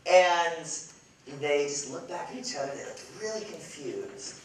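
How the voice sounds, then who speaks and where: A man in his thirties from Chicago tells a lively, self-mocking story, tossing playful asides to the crowd. His voice sits at an ordinary pitch and rings through a large, echoey hall. He is heard from some distance off the mic, with faint room noise behind. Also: a little slow. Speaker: event speaker. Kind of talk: humorous storytelling talk.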